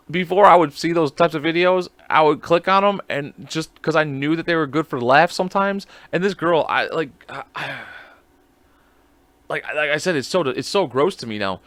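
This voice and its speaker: A man's voice: fairly high pitch, lively intonation, normal speed, fairly bright tone, dry recording. A man hosting a podcast alone, chatting casually in a rambling, profane, self-mocking way. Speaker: podcast host. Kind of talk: casual solo chat.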